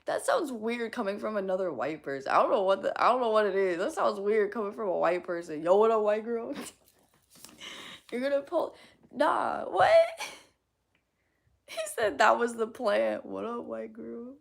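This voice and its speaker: Giggly gravelly-voiced woman streamer. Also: medium pitch, big pitch swings, normal speed, pauses often. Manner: giggly, reads chat aloud, swears casually. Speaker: live streamer. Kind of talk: casual live-stream chat.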